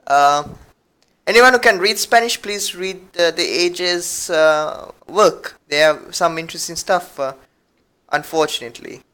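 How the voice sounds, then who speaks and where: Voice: mid-range voice, unhurried, pushed and bright. A podcast co-host chatting casually, giggling and rambling while reading aloud. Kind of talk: casual chat.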